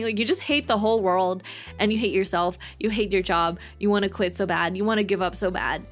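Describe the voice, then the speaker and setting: A woman's voice: medium pitch, a little fast, faint music behind. A woman in her twenties, a streamer and nurse, chatting casually and rambling, repeating words for emphasis. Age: 20s. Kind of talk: casual chat.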